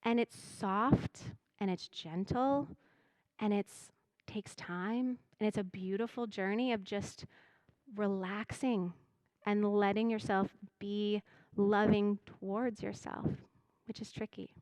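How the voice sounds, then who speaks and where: A woman giving a spiritual message to a congregation, speaking gently and reflectively, often voicing her own inner thoughts. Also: mid-range voice, fairly even intonation, takes it slowly, no echo. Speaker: church music director giving a message.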